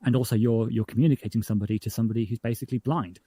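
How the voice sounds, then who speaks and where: Talking very fast in a mid-range voice, a podcast creator from the north of England gives a casual interview. He frequently starts sentences over and becomes lively when joking around.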